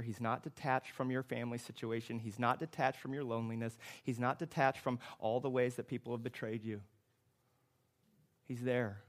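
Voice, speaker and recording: A pastor with a medium-pitched voice preaches a sermon, using emphatic, repetitive phrasing that swells into loud, impassioned passages.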